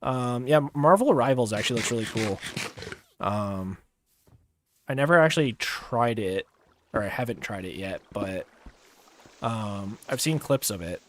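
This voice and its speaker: A young man talking casually as he plays a game on a livestream, relaxed and rambling with many fillers and pauses. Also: on the low side, slight background noise. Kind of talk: casual gameplay commentary.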